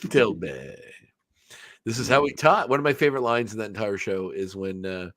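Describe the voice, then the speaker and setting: A man's voice: fairly low pitch, quick pace, a bit bright, no room sound. Rambling man hosting a podcast. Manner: rambling, many fillers and restarts, laughs often. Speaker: podcast host. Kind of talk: casual chat recapping a cartoon episode.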